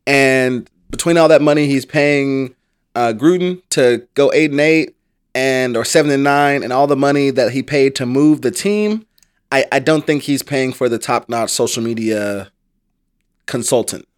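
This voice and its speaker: An American man co-hosting a casual sports podcast. His voice sits in the middle range, and he makes blunt, wry points in a relaxed way. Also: mid-range voice, a little slow, smooth. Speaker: podcast co-host.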